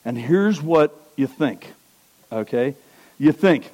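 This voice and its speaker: A high-voiced man preaching a sermon. He rises to loud, ringing exclamations, then sinks into quiet, low-pitched earnestness. He keeps putting questions to the congregation. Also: animated, slow pace, poor audio.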